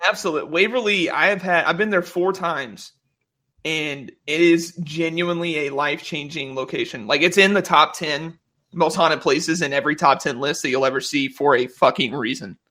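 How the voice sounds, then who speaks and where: A young man talks in an easygoing podcast chat with a bright, forward voice. He has no regional accent, keeps the mood upbeat, laughs a lot and swears without a second thought. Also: a little high, normal speed. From Kentucky, USA. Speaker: podcast guest, paranormal YouTuber.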